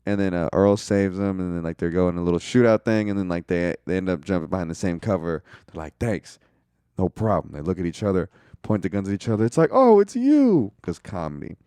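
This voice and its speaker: A young man with a deep, low voice rambles through a movie plot in a loose, profane way, leaning on "like" and chuckling at his own jokes. It sounds close and dry, with no room around him. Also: fairly even intonation, fast, warm tone, clear, resonant tone, no room sound. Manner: loose and profane, heavy use of "like". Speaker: movie reviewer. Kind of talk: casual movie recap.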